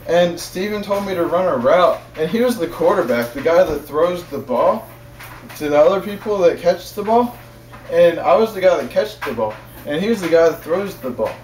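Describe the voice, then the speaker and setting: A man's voice: a little high, animated, normal speed, darkish tone. A young man telling a casual story in a rambling, repetitive way, chuckling as he talks. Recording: echoey room, far from mic, faint noise.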